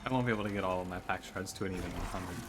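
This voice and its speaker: Here the same kind of gaming streamer rattles along rapid-fire in a low voice, chatting casually over game music. He reasons through his in-game decisions aloud, punctuated by jokey, exasperated outbursts.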